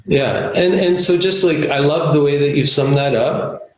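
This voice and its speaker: A man's voice: fairly high pitch, normal speed, reverberant, low-quality recording. A man who teaches yoga and breath work, speaking as a podcast guest in a thoughtful, earnest way. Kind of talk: casual podcast conversation.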